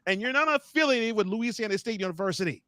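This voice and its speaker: A man co-hosting a sports talk show, ranting in a mocking, animated way straight at the people he talks about. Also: high-pitched, fast, no room sound, studio quality. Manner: animated, mocking rants addressed to coaches. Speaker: podcast co-host.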